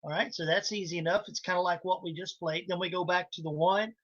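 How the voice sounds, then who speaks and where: Loud music sits behind a fast, steady, high-pitched male voice in dull video-call audio. He's a harmonica instructor teaching live online, casually explaining each lick step by step and counting in the band.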